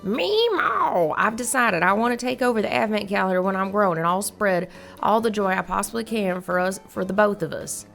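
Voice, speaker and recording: A woman's voice: mid-range voice, expressive, moderate pace, vocal fry, a bit bright, soft background music. A woman voicing an earnest young girl from a game, putting on a Southern accent. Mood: eager. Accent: American Southern, put on.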